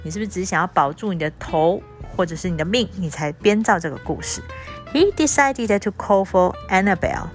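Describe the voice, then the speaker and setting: Female teacher, unhurried read-aloud with word explanations, soft guitar bed underneath. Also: mid-range voice. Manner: spells out words letter by letter, switching between languages to explain. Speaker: English teacher. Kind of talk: reading a storybook aloud and explaining words.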